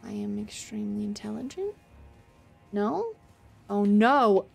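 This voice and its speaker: A woman streaming a game, chatting to her viewers in a flustered, self-mocking way, with loud panicked outbursts and casual swearing. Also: mid-range voice, big pitch swings, unhurried, gravelly, breathy edge. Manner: swears casually, talks to chat. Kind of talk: casual gameplay commentary. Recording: faint game music behind.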